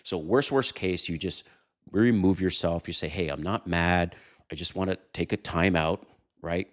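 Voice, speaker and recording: Deep-voiced man giving dating advice. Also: moderate pace. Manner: animated storytelling, chuckles, addresses viewers directly. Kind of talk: casual advice monologue to camera.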